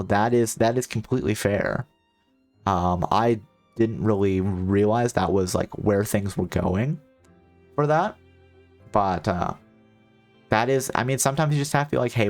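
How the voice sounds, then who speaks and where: A man's voice: on the low side, moderate pace, darkish tone, soft background music. A man streaming a video game, chatting casually and rambling into joking asides to his chat. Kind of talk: casual let's-play chat.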